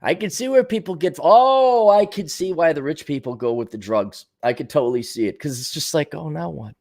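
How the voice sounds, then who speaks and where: A podcast host with a fairly high, darkish voice talks briskly in a rambling solo monologue. He muses aloud sardonically, dropping into little voices to voice his own thoughts.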